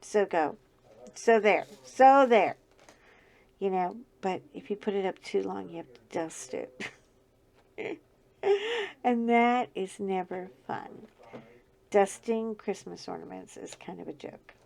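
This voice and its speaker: A woman's voice: mid-range voice, a little slow, vocal fry, pauses often, darkish tone. A middle-aged woman with a scratchy voice, chatting casually and laughing often as she talks through her crafting. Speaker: crafting channel host. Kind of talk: casual chat while diamond painting.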